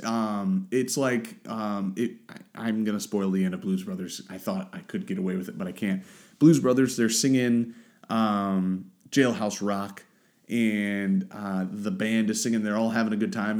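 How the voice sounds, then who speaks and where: A man's voice: lowish voice, a little mellow. A man hosting a solo podcast, talking casually and rambling as he searches for the right words. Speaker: podcast host.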